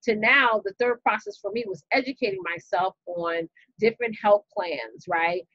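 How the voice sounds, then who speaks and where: A woman with a New York accent, hosting a casual live stream and telling a story to her viewers in a lively, chatty way, calling them y'all. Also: mid-range voice, normal speed, no echo, lo-fi sound. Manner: animated, chatty, talks straight to viewers with y'all and you know. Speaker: business coach and live-stream host.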